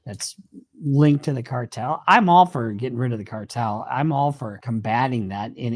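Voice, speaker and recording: A man's voice: medium pitch, darkish tone, no room sound. A man talking as a criminal lawyer guest in a casual opinion chat, discursive and rambling with many fillers.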